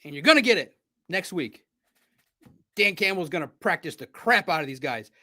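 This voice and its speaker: A man hosting a live sports stream, talking in an excitable, rambling, chatty way from a home studio. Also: fairly high pitch, moderate pace.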